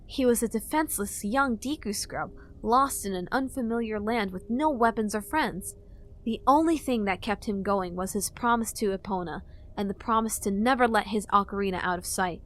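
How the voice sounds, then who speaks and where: A woman reading fan-fiction narration for an audiobook in a steady storytelling manner. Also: mid-range voice, moderate pace, a little hiss or hum.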